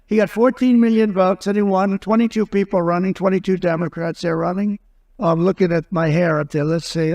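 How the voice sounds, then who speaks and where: High-voiced man giving a rambling rally speech. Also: steady tone, a little fast, a little mellow. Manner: rambling, repeats phrases, combative. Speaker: political candidate.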